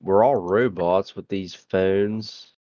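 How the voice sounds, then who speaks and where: A man's voice: low-pitched, slow, dark tone, no room sound. A man co-hosting a podcast in casual crude banter, laid-back and rambling with lots of fillers. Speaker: podcast co-host. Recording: dull dry lo-fi mic.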